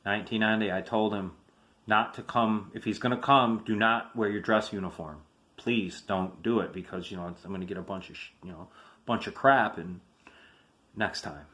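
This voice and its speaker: A man's voice: lowish voice, normal speed, fairly bright tone. Rambling chatty man in his fifties. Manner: rambling, chatty, many fillers and restarts. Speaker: army veteran showing family military keepsakes. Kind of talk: casual storytelling vlog.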